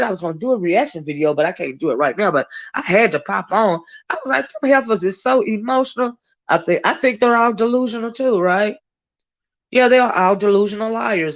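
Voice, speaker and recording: A woman hosting a live gossip stream, chatty and blunt, cussing freely and greeting viewers in the chat. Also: fairly low pitch. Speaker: livestream host. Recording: dull lo-fi stream audio.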